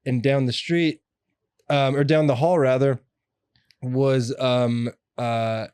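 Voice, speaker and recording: A young adult man telling stories as an interview guest, animated and acting out the voices of people in them. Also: mid-range voice, slow pace, clean tone, no echo. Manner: animated, acts out quoted voices. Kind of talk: casual storytelling interview.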